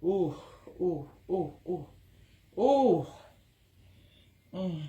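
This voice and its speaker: Slow, excited woman in an echoey room. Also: lowish voice, dull audio, a little hiss or hum. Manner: excited, drawn-out exclamations. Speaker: cooking vlogger. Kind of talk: casual cooking video talk.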